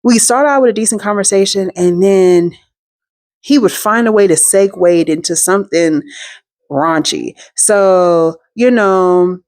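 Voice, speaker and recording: A woman's voice: medium pitch, a little slow, a little mellow, no echo, studio quality. A woman telling a personal story to her viewers in a chatty, slangy, playful way, with frequent asides. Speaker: storytime vlogger. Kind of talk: casual storytelling.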